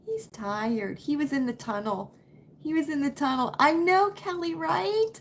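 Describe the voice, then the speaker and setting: A woman's voice: high voice, lively intonation, a little slow, a little hiss or hum. A woman hosting a casual live chat from home to her viewers on a computer webcam, folksy and chatty, repeating her phrases for emphasis. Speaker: livestream host.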